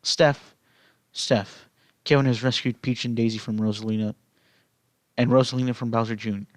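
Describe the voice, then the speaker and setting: A man's voice: medium pitch, fairly even intonation, normal speed, no echo. A man casually reading fan fiction aloud, rambling into asides full of "you know". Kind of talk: casual read-aloud with commentary.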